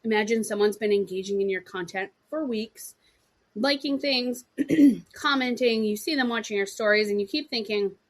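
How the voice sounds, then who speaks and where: Female podcast host, 30s, fairly high voice, lively solo coaching talk with acted-out quotes and "right?" asides. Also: normal speed. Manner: animated, acts out little quoted dialogues; frequent throat clearing, "right?" and "okay" asides.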